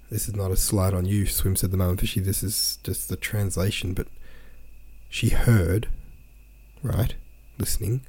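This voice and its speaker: Husky, low-voiced man ranting about prose. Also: steady tone, measured pace, a little mellow. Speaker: podcast host. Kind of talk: reading a novel aloud with commentary.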